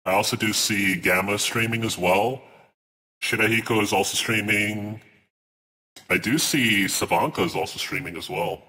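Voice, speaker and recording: A man's voice: on the low side, bright, forceful tone. A man chatting casually on a live stream, ranting in exasperation and swearing as he reads his chat aloud.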